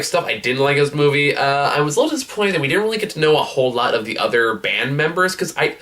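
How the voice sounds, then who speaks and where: A man's voice: mid-range voice, fairly bright tone, distant mic. A man giving a casual, rambling movie review, swearing freely and laughing as he retells scenes. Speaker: film reviewer.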